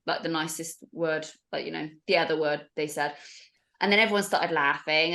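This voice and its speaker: A woman's voice: on the low side, brisk. A woman, a podcast guest, telling a story in casual chat and acting out the voices of other people. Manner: animated, acts out the voices of others.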